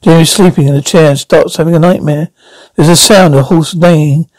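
A man narrates stage directions in a plain amateur read-through, now and then tripping over words. His voice sits high and is recorded close and dry. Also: fairly even intonation, fairly quick, a little mellow, no echo, low-quality recording. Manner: plain, stumbling reading with restarts.

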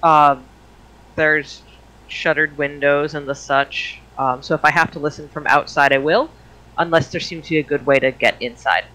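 A man's voice: on the high side, steady tone, moderate pace, pushed and bright, poor audio. A man playing in a tabletop game, thinking aloud about his moves in a tentative way. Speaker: player.

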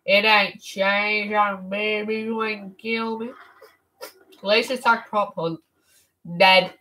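A woman streaming a video game in casual, slangy commentary, excitable and exclaiming, at times shouting. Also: medium pitch, slow, low-quality recording. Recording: steady background noise with clicks.

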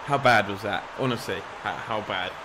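A young man giving excitable, rambling live commentary over a football video game, shouting encouragement at the players and joking at himself. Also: fairly low pitch, normal speed, noisy background. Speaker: gaming YouTuber.

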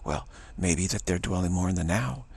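A man's voice: deep voice, normal speed, darkish tone, dry recording. An older man giving a rambling spiritual talk, meandering and repeating himself, dropping to a whisper for emphasis. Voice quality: gravelly, husky. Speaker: spiritual teacher.

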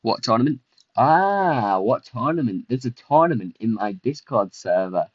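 A young man, chatting casually and excitably through a livestreamed game, self-mocking and full of fillers. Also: medium pitch, measured pace, no room sound, lo-fi sound. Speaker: streamer. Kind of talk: casual livestream gameplay commentary.

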